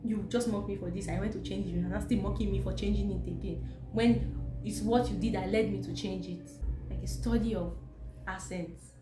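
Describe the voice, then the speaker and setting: A woman's voice: mid-range voice, steady tone, normal speed, noisy background. A young Nigerian woman with a Nigerian accent, talking emphatically to camera in her vlog and asking rhetorical questions. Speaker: vlogger. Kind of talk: opinionated talk to camera. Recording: echoey room, faint ambience.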